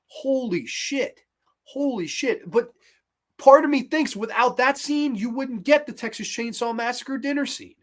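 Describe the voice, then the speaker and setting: Excitable, foul-mouthed horror reviewer, man. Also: high-pitched. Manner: excitable, swears freely. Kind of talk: casual film review.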